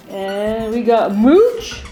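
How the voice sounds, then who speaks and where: A woman's voice: on the high side, warm tone, poor audio. A woman hosting a playful family video, cheerfully announcing each toy and laughing often. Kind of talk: playful commentary. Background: music.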